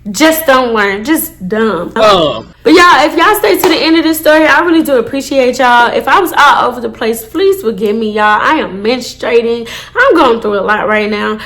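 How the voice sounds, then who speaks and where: A woman telling a casual storytime to her viewers, animated and full of swearing. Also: on the high side, moderate pace. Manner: animated, swears a lot, addresses viewers as y'all. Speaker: storytime vlogger.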